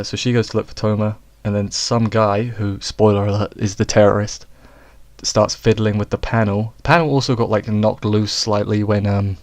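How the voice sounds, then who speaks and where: A lowish-voiced man talks through an episode recap in a loose, casual way. He wanders off on jokey asides and corrects himself mid-sentence, never quite scripted. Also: darkish tone. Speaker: anime reviewer.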